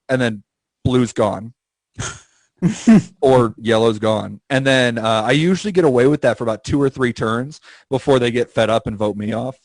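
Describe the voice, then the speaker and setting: A man co-hosting a podcast, telling stories in casual chat, swearing freely and jumping into high silly voices for the people he quotes. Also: moderate pace, no echo, poor audio. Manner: swears freely, laughs at his own stories. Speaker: podcast co-host.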